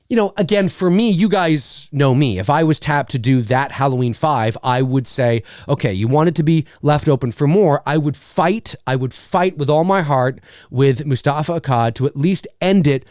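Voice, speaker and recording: A man hosting a casual monologue, talking in an animated way, acting out scenes with loud exclamations, swearing and lots of fillers. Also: a little high, dry recording, studio quality. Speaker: host.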